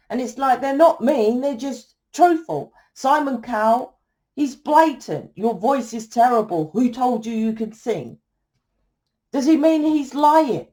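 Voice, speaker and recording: A woman's voice: a little high, warm tone, low-quality recording. A woman with a slightly raised voice, holding forth in a blunt, heated rant. She swears freely and keeps throwing rhetorical questions at her listeners, like a tarot reader lecturing her audience. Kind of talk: ranting monologue to camera.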